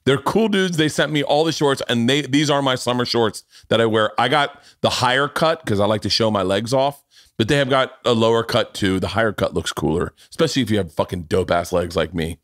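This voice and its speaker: A man in his forties hosting a podcast, telling stories in a loud, animated and profane way. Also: on the low side, brisk, no echo, studio quality. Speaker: podcast host. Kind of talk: casual storytelling chat.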